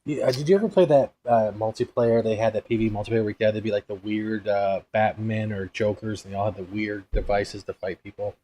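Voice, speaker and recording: A man's voice: lowish voice, steady tone, a little fast, hardly any pauses, dark tone, slight background noise. A man joining a casual livestream, cracking crude jokes and swearing freely.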